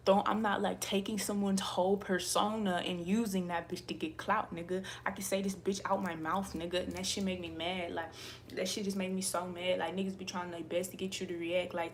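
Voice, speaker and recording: A woman's voice: medium pitch, a little hiss or hum. A woman YouTuber who reads tarot, ranting angrily to camera in a profane, repetitive way.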